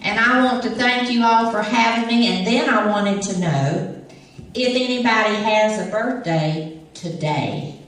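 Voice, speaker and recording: A woman's voice: mid-range voice, a little slow, fairly bright tone. A middle-aged woman with an East Tennessee country accent, telling folksy comic stories to a live crowd and laughing at her own jokes. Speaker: comic impersonator. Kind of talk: live stand-up storytelling to a crowd. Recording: echoey room recording from far off.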